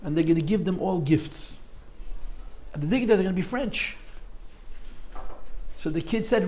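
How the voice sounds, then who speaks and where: High-voiced animated man telling a story. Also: normal speed, pauses often, rough recording. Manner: animated storyteller, acts out quotes with rising emotion. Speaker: rabbi teaching a class. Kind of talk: storytelling Torah class.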